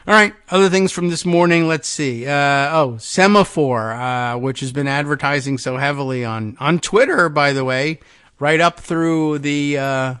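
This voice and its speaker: A man's voice: mid-range voice, a bit bright, clear, resonant tone, no echo, studio quality. A man hosting a political talk show, giving loose, sarcastic commentary with mocking asides. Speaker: political podcast host. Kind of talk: talk-radio style news commentary.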